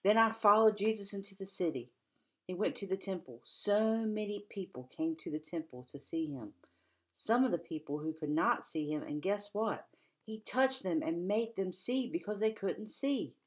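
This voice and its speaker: A woman voicing an excited bystander in a Bible story, eager and breathless as she tells what she saw. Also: mid-range voice, moderate pace, muffled recording, natural voice. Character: excited bystander who just saw a parade.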